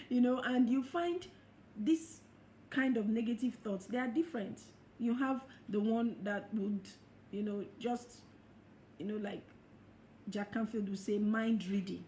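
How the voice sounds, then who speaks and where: A middle-aged woman coaches her listeners in a motivational talk, laughing often and acting out the thoughts she quotes. Her voice sits fairly high and mellow. The room is echoey, with a faint hiss behind her. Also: moderate pace. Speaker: life coach.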